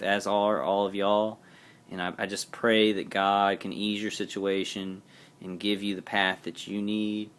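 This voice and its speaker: A man talking to his viewers in a personal video diary, in a rambling, halting, earnest way. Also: fairly low pitch, slight background noise. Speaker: vlogger.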